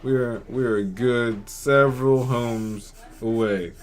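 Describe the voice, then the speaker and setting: Man, podcast co-host, playful, laughs while telling stories, average pitch. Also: fairly even intonation, slow. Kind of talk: casual chat.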